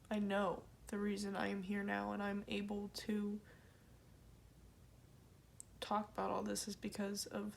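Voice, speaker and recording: A woman talking in a personal confessional vlog, halting and emotional, trailing off mid-sentence. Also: medium pitch, vocal fry, slight background noise. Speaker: vlogger.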